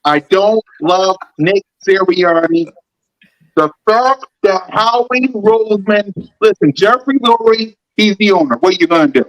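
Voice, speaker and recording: A man's voice: high voice, animated, measured pace, rough recording. A man rants about football on a podcast. He hammers his points again and again, fired up and blunt. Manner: fired-up, repetitive ranting. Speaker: podcast host. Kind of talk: heated sports podcast rant.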